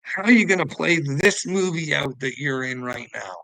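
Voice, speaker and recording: A man's voice: a little high, lively intonation, moderate pace, creaky, bright, forceful tone, no echo, poor audio. A man rambling to his viewers in a casual monologue, preachy and taunting, jumping between topics and laughing to himself. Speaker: vlogger answering commenters.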